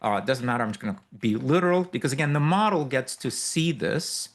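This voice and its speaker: A man teaching a live workshop, walking through a software demo in a loose, explanatory way with many fillers and asides. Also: medium pitch, animated, fairly quick. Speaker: workshop instructor. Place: workshop room with a live audience.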